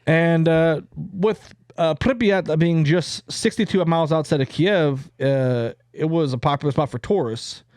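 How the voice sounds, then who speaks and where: A man's voice: fairly high pitch, a little slow, hardly any pauses, darkish tone, no echo. Joking male podcast host, dry sound. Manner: joking storyteller, many fillers. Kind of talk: casual podcast chat.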